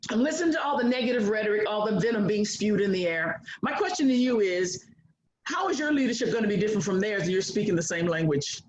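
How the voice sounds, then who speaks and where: A woman's voice: mid-range voice, expressive, fast, roomy sound, slight background noise, low-quality recording. A woman in her sixties giving a bold, preacher-like motivational speech to an audience of women. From United States. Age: 60s. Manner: bold, preacher-like, mimics others. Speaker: guest speaker.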